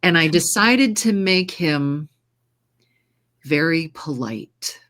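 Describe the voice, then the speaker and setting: An American woman who narrates audiobooks and trained as a singer, chatting in a casual interview and telling lively stories with frequent laughter. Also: low voice, takes it slowly. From United States. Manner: lively storyteller, laughs often; trained singer with controlled delivery.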